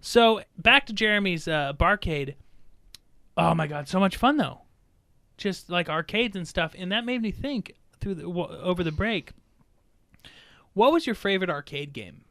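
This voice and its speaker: A man's voice: high voice, expressive, moderate pace, a bit bright, no echo. A young man co-hosting a podcast, chatting in a goofy, rambling way and laughing often. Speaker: podcast co-host. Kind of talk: casual chat.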